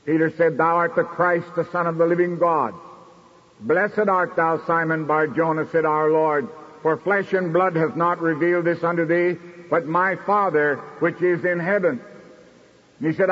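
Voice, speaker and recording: A man preaching a sermon in a measured, declamatory way, slowing down for emphasis. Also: fairly high pitch, fairly even intonation. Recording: dull recording in a reverberant hall.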